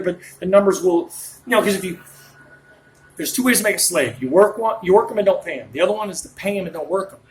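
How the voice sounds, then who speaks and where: A man's voice: high voice, fairly bright tone, slight background noise, low-quality recording. A man in his late thirties delivering a ranting monologue, worked up and jumping from point to point as he talks. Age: late 30s. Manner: worked up, rambling, jumps between points.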